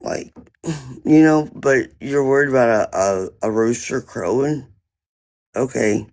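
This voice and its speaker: Slow gravelly guy ranting and cussing on his phone live, rambling. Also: medium pitch, darkish tone. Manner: profane, rambling, indignant storytelling. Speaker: livestreamer. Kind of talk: casual live-stream rant.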